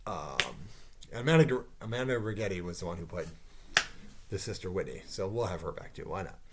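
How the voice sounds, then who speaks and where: A man with a low-pitched voice talks to his camera in a loose, off-the-cuff way. He rambles through his idea with plenty of asides and the odd swear word. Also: expressive, a little fast, very noisy. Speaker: YouTuber pitching a movie idea. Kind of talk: casual off-the-cuff monologue.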